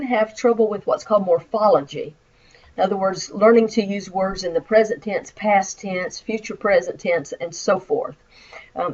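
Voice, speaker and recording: A woman's voice: mid-range voice, a little mellow, lo-fi sound. A woman with a Southern American accent, a college instructor giving a recorded lecture over slides and explaining with acted example phrases. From Midwestern United States.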